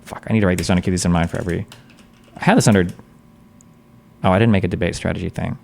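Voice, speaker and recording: A man's voice: sits low, steady tone, racing, vocal fry, darkish tone. A man casually commenting on a debate during a live stream, blunt, profane and thinking aloud in long rambles.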